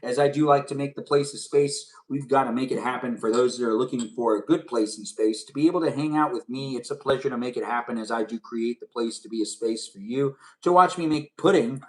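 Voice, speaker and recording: A young man chatting casually on a live stream as he makes pudding in his kitchen, rambling and answering his viewers' comments out loud. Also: medium pitch, fairly quick, few pauses, far from the mic. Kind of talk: casual live-stream chat while cooking. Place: home kitchen.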